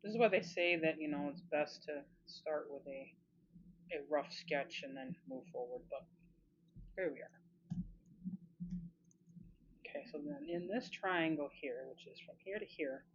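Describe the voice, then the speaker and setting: A woman's voice: sits low, unhurried, long pauses. A woman chatting casually and thinking aloud as she sketches, encouraging herself through mistakes. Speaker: art channel creator. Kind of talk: casual drawing commentary. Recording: slightly muffled with faint hiss.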